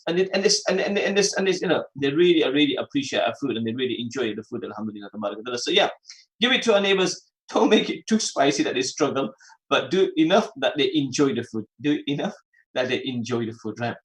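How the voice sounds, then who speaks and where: A man's voice: medium pitch, expressive, fast talker, rough recording. A man hosting a religious phone-in radio show who repeats phrases for emphasis and mixes in Arabic and Urdu terms. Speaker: radio host.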